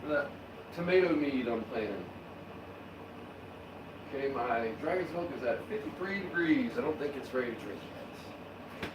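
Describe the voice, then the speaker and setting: Regular-pitched guy rambling through a home brew stream, swears a lot, faint noise in the background. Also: expressive, normal speed, pauses often, echoey room. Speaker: homebrewing streamer. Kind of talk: casual live-stream chat. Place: home kitchen with a dog.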